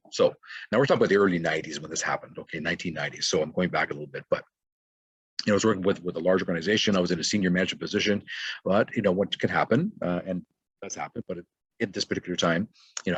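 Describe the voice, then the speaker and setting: A man's voice: low-pitched, slightly rough, no echo, highs cut off. A middle-aged man giving a motivational webinar talk, rambling loosely with many fillers and restarts. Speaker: webinar presenter.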